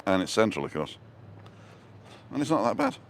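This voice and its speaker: This walking live stream features a middle-aged man whose fairly low voice swoops wildly in pitch at a moderate pace, with some slight background noise. Jokingly, he chats and reads viewer comments as he moves through the streets.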